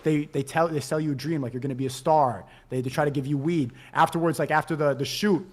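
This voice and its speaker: A man's voice: fairly high pitch, fairly even intonation, fast talker. A young man speaking hesitantly in casual stream chat, with many restarts as he tells a confessional story. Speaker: former model, stream guest.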